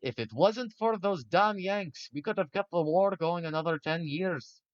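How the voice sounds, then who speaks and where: A man putting on a British accent to voice a gruff, exasperated, war-hungry British army officer. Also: high voice, moderate pace, no echo, highs cut off, pitched above the performer's own voice, natural voice. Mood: grumbling.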